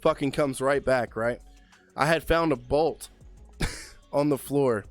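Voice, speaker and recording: A young car mechanic co-hosting a podcast tells a long story from the shop, speaking slowly in a mid-range voice, with no room sound and soft music in the background. His chat is casual and animated, full of heavy swearing, with "man" and "right?" tagged onto his lines again and again.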